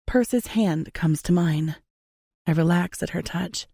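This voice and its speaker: A young adult woman narrating a first-person romance audiobook in an intimate, measured way on a close studio mic. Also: fairly low pitch, fairly even intonation, creaky, warm tone, no echo.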